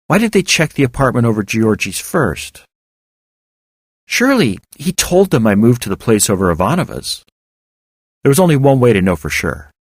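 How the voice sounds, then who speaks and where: A man narrating first-person fiction in a measured, reflective storytelling manner. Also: mid-range voice, slightly rough, no room sound.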